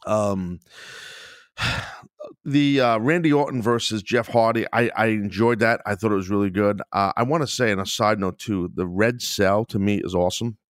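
His fairly low voice moves at normal speed over a dry, studio-clean recording. Alone on his own podcast, the man vents casually, sounding exasperated, sighing heavily and swearing a lot.

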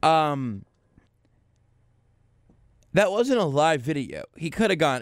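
A man's voice: medium pitch, measured pace, pauses often, clear, resonant tone, dry recording, studio quality. Wry man hosting talk radio. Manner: wry, deadpan riffing with frequent restarts. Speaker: radio host. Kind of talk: casual talk-radio banter. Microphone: studio microphone.

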